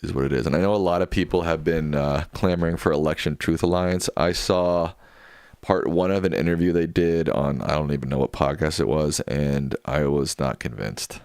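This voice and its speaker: Host, male, very low voice, dry close mic, offhand chat reader. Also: steady tone, normal speed, darkish tone, clean tone, dry recording. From United States. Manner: reads viewer comments aloud and answers offhand. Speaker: livestream host reading chat. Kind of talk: casual chat.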